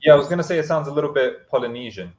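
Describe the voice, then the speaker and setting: A man co-hosting a casual podcast chat over a call, talkative and quick to argue. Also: a little high, animated, a little mellow, a little hiss or hum, rough recording. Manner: chatty, jokey, quick to argue. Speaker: podcast co-host.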